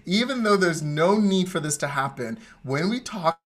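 Animated, laughing male podcast storyteller. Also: on the high side, normal speed. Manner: animated, digressive storyteller who laughs often. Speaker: podcast co-host. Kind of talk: casual chat, storytelling.

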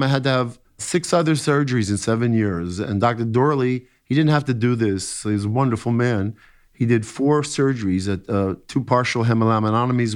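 Telling his personal story during an interview, a middle-aged therapist speaks in a lowish voice. He stumbles along with many fillers and restarts, now and then slipping in a joke.

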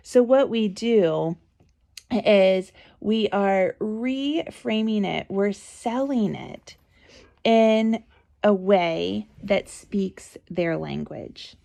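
A woman's voice: medium pitch, drawn-out words, vocal fry, mellow. A woman hosting a podcast, telling a chatty, reassuring story about her own experience. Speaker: podcast host.

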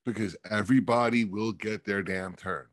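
A man talking casually as a podcast co-host, explaining things in quick bursts with fillers. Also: lowish voice, steady tone, dry recording, clean studio sound. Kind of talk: casual discussion.

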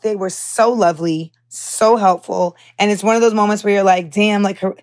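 A young American woman hosts her podcast in a loose, chatty monologue. She talks with an American accent and animated, heated asides, and her voice sits at an ordinary middle pitch. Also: normal speed. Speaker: podcast host. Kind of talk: casual storytelling monologue.

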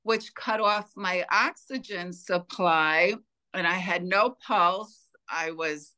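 A woman being interviewed, telling a personal story in an earnest, unhurried way. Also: fairly low pitch, bright, forceful tone. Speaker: interview guest.

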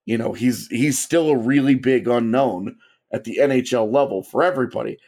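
A hoarse man co-hosting a podcast, giving thoughtful, hedging sports analysis in casual talk. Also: medium pitch, normal speed, darkish tone. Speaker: podcast co-host.

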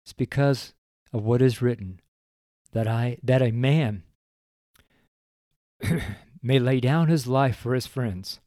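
A man's voice: medium pitch, slow, long pauses, dark tone, no room sound, clean studio sound. An older man, a pastor, preaching from his weekly letter and praying, emotional and folksy with rambling asides. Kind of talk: sermon read from a weekly letter, with prayer.

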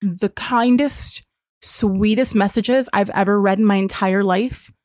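A young woman co-hosting a podcast, telling a story in a casual, animated, exasperated way with lots of swearing. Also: medium pitch, unhurried, no room sound, clean studio sound. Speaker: podcast co-host.

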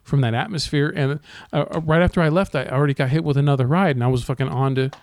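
A man's voice: a little high, quick pace, a little mellow, no room sound. A man in casual podcast chat, telling rideshare driving stories with lots of swearing and laughter. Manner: profane, laughing storyteller.

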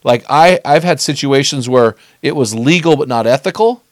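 A middle-aged man teaching on scripture in an earnest, conversational way, slowing down to stress key phrases. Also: medium pitch, no room sound, studio quality.

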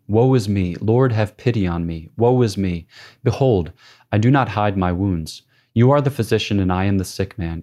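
Low-voiced male reader, measured and prayerful, for a devotional text reading. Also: warm tone. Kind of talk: scripted reading of a devotional classic.

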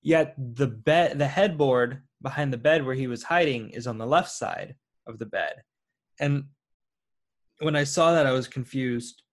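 A man's voice: medium pitch, unhurried. A man co-hosting a casual film review chat, laid-back with dry quips. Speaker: podcast co-host.

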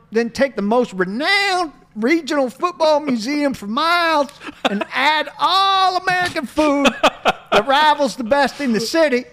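A man's voice: very high voice, fairly bright tone, pitched above the performer's own voice. A man putting on an impression of a folksy older football coach who is offhand and wisecracking. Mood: mocking. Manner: joking, casual, self-mocking.

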